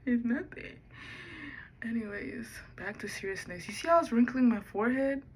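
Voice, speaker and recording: A woman's voice: a little high, expressive, moderate pace, a little hiss or hum, poor audio. A woman talking to the camera in a rambling personal vlog, musing aloud and drifting between topics. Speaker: vlogger.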